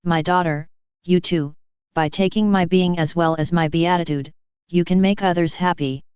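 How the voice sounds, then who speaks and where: A woman voicing a gentle, consoling male divine speaker in a calm, tender, instructive way. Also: lowish voice, normal speed, clear, resonant tone, no echo, muffled recording, close to an everyday voice.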